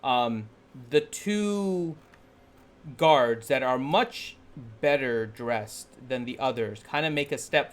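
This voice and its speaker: A man narrating as game master, relaxed and chatty, with lots of "kind of". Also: mid-range voice.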